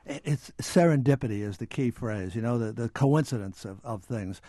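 A man's voice: medium pitch, normal speed, warm tone, no echo. An older man, an author and historian, reading from his book and then answering interview questions with many small restarts.

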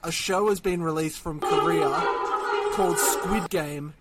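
A man's voice: fairly high pitch, measured pace, heavy background noise. Joking Australian podcast co-host man. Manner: joking, swearing, sings bits. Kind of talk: casual podcast chat.

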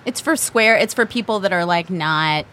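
A woman's voice: lowish voice, normal speed, a bit bright. A woman talking casually as a podcast guest, giggly and self-deprecating, rambling through her stories. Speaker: podcast guest, former sex advice columnist. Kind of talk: casual chat.

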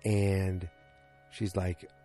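A man's voice: low-pitched, level tone, extremely slow, warm tone, soft background music. A man casually recapping a TV episode, rambling with lots of fillers and restarts.

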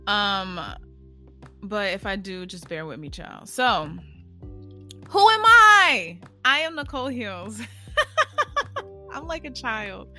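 Breathless young woman podcaster, exuberant and slangy, bright voice, unhurried delivery. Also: medium pitch, soft background music. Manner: energetic, exuberant, slangy, laughs often. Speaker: podcast host and spiritual healer. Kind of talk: casual solo podcast monologue.

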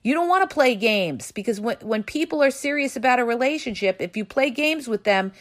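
A woman's voice: fairly high pitch, lively intonation, brisk. A woman hosting a solo relationship advice podcast, talking directly to listeners and often checking in with "okay?". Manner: direct, coaching tone with frequent "okay?" check-ins. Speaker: podcast host.

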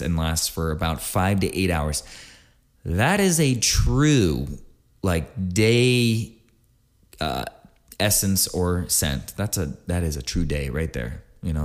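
Low-voiced chatty man hosting a podcast. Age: adult, married. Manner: chatty, rambling, lots of fillers and jokes. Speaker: podcast host. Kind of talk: casual solo explainer.

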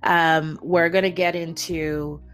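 Animated woman recapping reality TV. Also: low voice, slow pace, smooth. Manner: animated storyteller, acts out quotes, laughs often. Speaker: reality TV commentator. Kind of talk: casual chat recapping reality TV.

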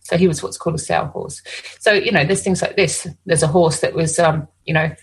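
A woman's voice: low voice, fairly even intonation, brisk, breathy edge, poor audio. An Australian woman working as an animal communicator and hypnotist. She tells stories in casual conversation, rambling, restarting often and saying "you know" a lot.

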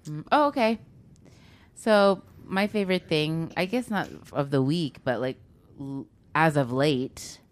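A woman's voice: sits low, a little slow. A young woman co-hosting a casual chat with friends, chatty and laughing, with lots of "like". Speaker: co-host.

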